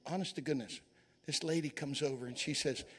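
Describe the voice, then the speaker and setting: A man's voice: fairly high pitch, fairly even intonation, fairly quick, a bit bright, husky. A man preaching a sermon, telling folksy personal stories and urging his listeners on with fervent exhortation. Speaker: evangelist preacher. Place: church men's conference.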